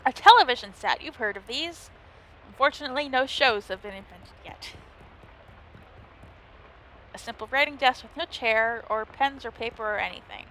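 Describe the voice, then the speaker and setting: Bright-voiced woman reading game text. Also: a little high, moderate pace, long pauses. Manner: playful, reads narration aloud between remarks. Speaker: let's play host. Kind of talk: gameplay commentary, reading game text aloud.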